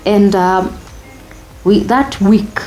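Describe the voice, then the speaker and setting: A woman's voice: mid-range voice, drawn-out words, a little mellow, faint music behind. A young woman with a Kenyan accent, telling her own story as an interview guest, candid and reflective, slipping Swahili phrases into her English.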